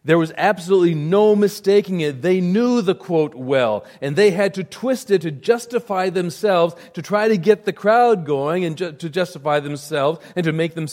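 A male pastor delivering a sermon in a slightly high voice. He leans hard on key words, then sinks into a quiet, grave hush. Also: moderate pace, few pauses. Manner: emphatic preaching, swells loud then drops to a hush.

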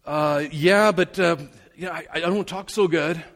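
A man's voice: a little high, measured pace, creaky, a bit bright. A man voicing a timid Moses who stammers and makes hesitant excuses. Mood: fretful. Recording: long hall reverb.

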